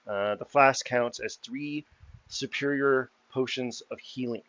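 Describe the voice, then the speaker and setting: A man's voice: medium pitch, fairly even intonation, measured pace, a bit bright, dry recording, muffled recording. A man narrating a tabletop game as game master in a casual, loose way.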